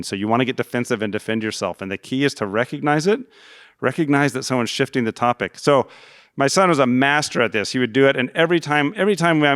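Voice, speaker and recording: A man talks fast and earnestly in a conference fireside chat, laying out his points with everyday examples. His voice sits in a middle register and sounds close and dry, with no room echo. He has the steady manner of a seasoned author. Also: medium pitch, clear, resonant tone. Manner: brisk, earnest, explains with examples. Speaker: author and guest speaker. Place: conference stage.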